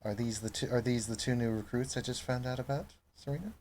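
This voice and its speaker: A man's voice: medium pitch, fast talker, darkish tone, slight background noise, pitched above the performer's own voice, close to an everyday voice. A man voicing a curt, formal male commander in a tabletop game. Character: gruff male military commander.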